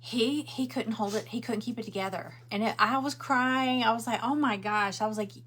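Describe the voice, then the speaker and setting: Crafting at home on a livestream, a middle-aged woman rambles casually and responds to viewer comments. She speaks on the high side at a normal speed, her tone fairly bright, with a little hiss or hum in the background.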